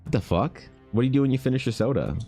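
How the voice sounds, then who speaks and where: A man's voice: medium pitch, lively intonation, very fast, mellow, faint music behind. A man live-streaming while drawing, rambling, joking and swearing casually with lots of restarts. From Canada.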